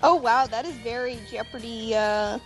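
A woman's voice: on the high side, moderate pace, soft background music. A woman playing as a contestant in a podcast quiz, hesitant and stumbling into her answers. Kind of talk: casual podcast banter.

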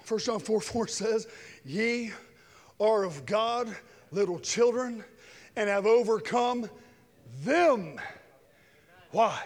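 Man, preacher, middle-aged, high voice, long echo of a big church. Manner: swings from shouted preaching to quiet joking asides. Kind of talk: sermon with personal stories. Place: church sanctuary with long reverb. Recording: reverberant hall.

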